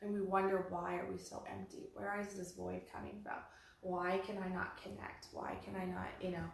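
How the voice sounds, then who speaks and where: Animated chatty woman in an echoey room. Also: fairly low pitch, normal speed, creaky, a little hiss or hum. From Texas. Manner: animated storyteller, repeats phrases. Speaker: podcast co-host. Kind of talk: casual chat.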